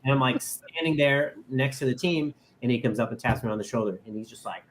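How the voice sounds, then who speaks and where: A man's voice: mid-range voice, fast, slight background noise. A man in his thirties, a guest telling a casual story, acting out the voices he quotes and saying "like" a lot. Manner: animated, acts out quoted voices, many "like" fillers.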